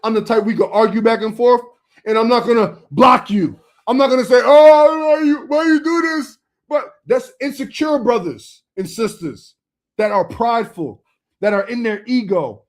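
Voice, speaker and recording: A young adult man preaching informally to camera, emphatic and streetwise, with lots of repetition. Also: high voice.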